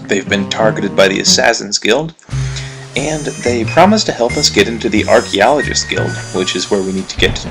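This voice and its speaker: A man talks through a game he is playing, with chatty, easygoing enthusiasm. His voice sits low, and music plays clearly behind him. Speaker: let's player. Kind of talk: gameplay commentary.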